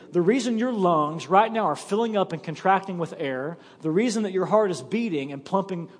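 A man preaching a sermon as pastor, reading scripture slowly and dropping his voice low, then pressing his points hard to the congregation. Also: in a large hall. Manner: emphatic preaching, slows and drops low for scripture. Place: church sanctuary.

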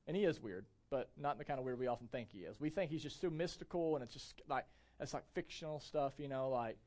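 A young adult man preaches a church sermon as pastor in a mid-range, slightly mellow voice at a quick pace. He speaks with emphasis and keeps putting rhetorical questions to the congregation.

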